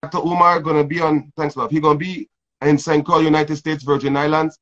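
A man's voice: on the high side, little pitch movement, a little fast, fairly bright tone. A man hosting a casual interview, rambling and laid-back with lots of fillers. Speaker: host. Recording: dull lo-fi sound.

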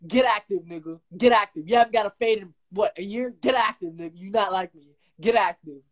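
A man's voice: sits high, brisk. A young man hosting a casual phone livestream, bragging and trading insults with a caller in a brash, taunting way. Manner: brash, trash-talking, repetitive taunts. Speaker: livestream host.

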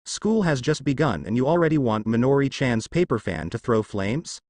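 Man reading a teasing female principal, playful, lively pitch, dry sound. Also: moderate pace, no echo, close to an everyday voice.

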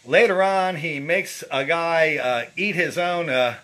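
A man's voice: on the high side, a little slow, bright, forceful tone. A middle-aged man casually walking through his own painting, rambling with lots of fillers and restarts. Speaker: painter showing his artwork. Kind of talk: casual walkthrough commentary.

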